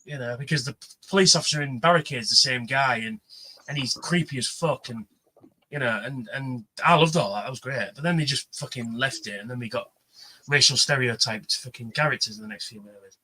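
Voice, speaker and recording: Husky, forceful man. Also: mid-range voice, fairly quick, low-quality recording. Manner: animated, swears freely, acts out quoted voices. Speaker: livestream panelist. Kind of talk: casual chat, storytelling.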